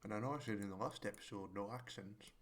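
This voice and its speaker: A man's voice: fairly low pitch, fast talker, slight background noise. A man giving casual, jokey commentary while playing a game, swearing and muttering to himself. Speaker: gaming creator.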